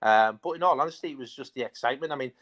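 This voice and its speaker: A man's voice: medium pitch, a bit bright. A middle-aged man telling stories about his football career in a rambling, casual way, full of fillers. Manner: rambling, fast, many fillers. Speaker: interview guest, former footballer. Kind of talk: casual storytelling.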